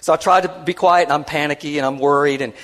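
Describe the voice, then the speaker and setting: Male keynote speaker, animated storyteller, chatty and self-mocking, acts out quotes. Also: on the high side, fast talker. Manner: self-deprecating and conversational, with many restarts. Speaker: conference speaker.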